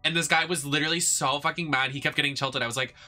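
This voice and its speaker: Bright-voiced chatty young male streamer. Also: on the high side, fairly even intonation, quick pace, soft background music. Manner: chatty, playful, sassy storytelling with frequent swearing. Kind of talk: casual chat while playing a game.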